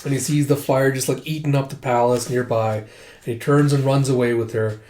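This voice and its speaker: A man casually retelling a comic chapter, lively and quick to react. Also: medium pitch, reverberant.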